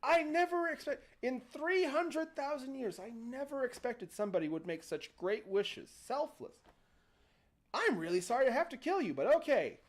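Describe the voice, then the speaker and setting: A man's voice: very high-pitched, lively intonation, moderate pace, pitched above the performer's own voice. A man voicing an ancient, impatient male genie who is put-upon and apologetic yet murderous. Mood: exasperated.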